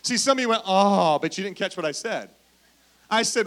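A man's voice: sits high, lively intonation, normal speed, fairly bright tone. A man preaching a sermon in a playful, storytelling way, often calling out questions to the congregation. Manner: playful, asks the crowd for responses. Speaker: pastor.

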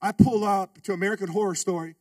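High-voiced, animated pastor telling a story. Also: male voice, fast, no room sound, far from the mic. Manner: animated, humorous, calls out to the congregation. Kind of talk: storytelling sermon.

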